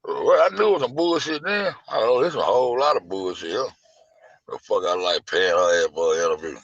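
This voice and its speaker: A man hosting a show in a casual livestream rant, profane, animated and incredulous. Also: mid-range voice, a little fast, dry recording, lo-fi sound. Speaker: show host.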